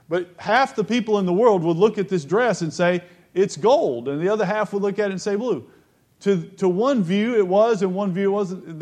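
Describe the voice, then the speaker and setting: A man preaching a Bible lesson who reads verses aloud, stresses key phrases slowly and asks his listeners questions. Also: fairly high pitch.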